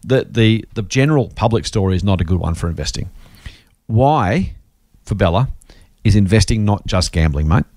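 Lively, jokey man hosting a podcast. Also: on the low side, moderate pace. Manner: jokey, animated, reads listener mail aloud. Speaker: podcast host. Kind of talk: casual finance podcast chat.

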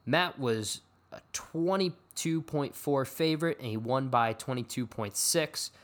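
With a measured pace and medium pitch, a podcast host chats casually about fantasy sports. His conversation rambles and stays offhand, peppered with jokes at his own expense.

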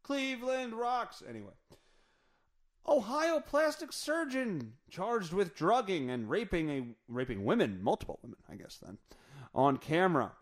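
A man's voice: a little high, sing-song, normal speed. A man hosting a podcast, riffing crudely through a news story in a rambling, profane, off-the-cuff way. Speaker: podcast host. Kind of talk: crude comedic news rant.

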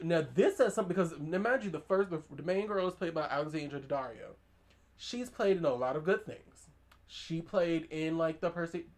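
A woman hosting a podcast, recapping a horror movie in casual chat, animated and emphatic, with slang and side comments. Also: deep voice. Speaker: podcast host.

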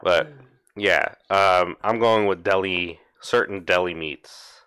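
A young man guessing words in a casual drinking game with friends, explaining at length and cracking deadpan jokes. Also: sits low, slow, clean tone, no echo.

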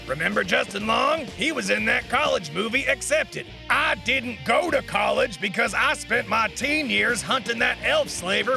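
A man's voice: sits high, vocal fry. A man in his forties hosting a comedy show, doing a brash mock-advertisement and sketch banter. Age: 40s.

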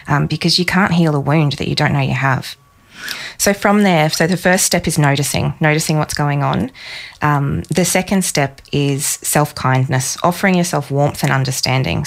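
A woman in her thirties, a psychologist guest on a podcast, telling a personal story warmly and with emotion. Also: sits low, gravelly. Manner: warm storytelling, emotional in places.

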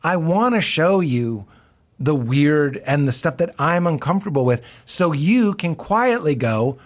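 Excitable laughing comedian man. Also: unhurried. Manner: excitable, laughing, voices quotes with big pitch jumps. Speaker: comedian guest. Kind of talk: casual podcast chat.

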